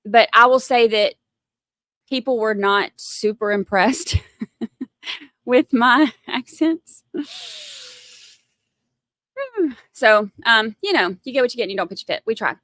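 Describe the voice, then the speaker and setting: A woman's voice: a little high, sing-song, slow, pauses often, pushed and bright, no room sound, studio quality. A woman hosting a casual livestream, rambling and giggling at herself between topics. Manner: giggly, rambling, self-mocking. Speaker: livestream host.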